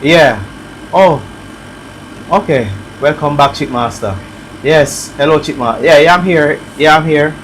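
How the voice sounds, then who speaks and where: A man with a Jamaican accent chatting casually on a live stream as he works on a repair, reading viewer comments aloud and thinking out loud. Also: fairly high pitch, a little slow, a little hiss or hum, rough recording. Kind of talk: casual live-stream chat while working.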